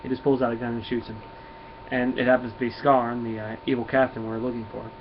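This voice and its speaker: A man's voice: medium pitch, flat delivery, fast talker. A man with a Southern US accent giving a casual comic book review, retelling the story in a rambling way with restarts. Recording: dull lo-fi recording, faint hiss.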